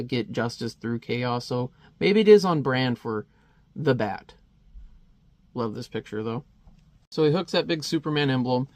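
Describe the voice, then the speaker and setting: A man's voice: medium pitch, no echo. A man casually reviewing a comic, chatty and wry, with many fillers.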